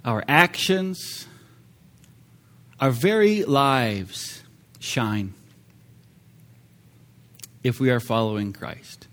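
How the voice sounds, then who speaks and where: A man's voice: mid-range voice, very animated, very slow, pauses often, a bit bright. A man preaching a sermon, talking to his congregation in a conversational way, with fillers and sudden emphatic swells. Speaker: pastor.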